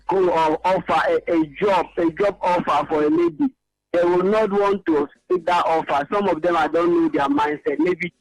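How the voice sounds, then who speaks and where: A man's voice: sits high, no echo. A man calling into a radio show by phone, hesitant and searching for words. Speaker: caller. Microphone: phone call. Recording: dull lo-fi phone line.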